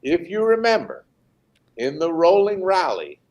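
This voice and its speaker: A man, a team president, telling animated anecdotes as an interview guest, pausing often with fillers over a remote call. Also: a little high. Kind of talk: interview storytelling.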